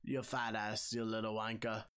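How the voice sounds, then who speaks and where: A man voicing a grumpy old male hillbilly who warns strangers off, in a gruff, scolding put-on British accent. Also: lowish voice, monotone, normal speed, fairly bright tone, voice pushed down, natural voice.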